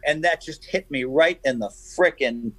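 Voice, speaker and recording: A man guesting on a radio show, telling stories in an animated, emphatic way. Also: fairly high pitch, moderate pace, breathy edge, no echo, poor audio. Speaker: guest poker player. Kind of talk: casual radio chat, storytelling.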